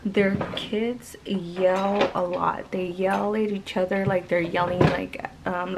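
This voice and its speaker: Woman, mid-pitched, creaky, chatty storytime, lots of fillers, faint ambience. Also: background noise. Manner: rambling, many fillers and restarts. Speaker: vlogger telling a story; mother. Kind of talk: casual storytime chat.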